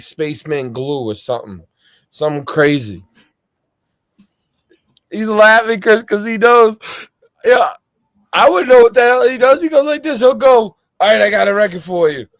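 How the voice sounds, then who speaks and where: High-voiced guy hosting a laid-back chat, tells stories big and loud, dry close sound. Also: dry recording. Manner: animated storyteller, loud laughs, acts out voices. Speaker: podcast host. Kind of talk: casual chat.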